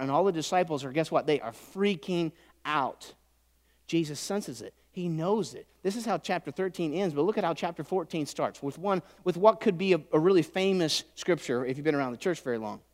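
A man preaching a sermon as pastor, animated, swelling loud and then dropping soft. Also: sits high, long reverb tail.

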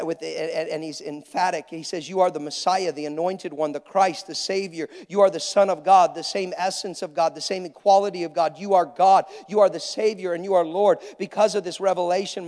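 Man preaching, high voice, emphatic repetition, long hall reverb. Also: darkish tone. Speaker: pastor. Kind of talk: sermon.

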